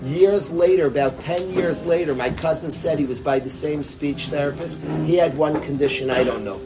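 A man telling a joke and drawing a lesson from it, in a lively, rambling way and sprinkling in Yiddish words. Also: a little high, moderate pace, music in the background. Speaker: storyteller and speaker. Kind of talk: animated storytelling talk with a lesson.

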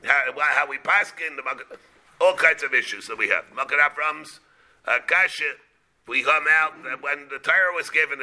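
A rabbi delivers a Talmud class in a strikingly bright, tense voice that sits fairly high for a man. He talks haltingly, restarts and repeats words, and weaves Hebrew and Aramaic terms into plain English.

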